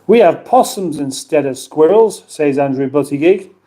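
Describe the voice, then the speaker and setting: A man's voice: a little high, animated, normal speed, dark tone. A middle-aged British man hosting a casual livestream, chatting in a rambling, self-mocking way and reading out viewer comments. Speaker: livestream host.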